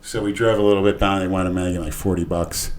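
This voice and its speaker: An older man on a podcast telling a rambling, crude story in casual talk, swinging between hushed and loud. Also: sits low, fairly even intonation, fast talker. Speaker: podcast regular.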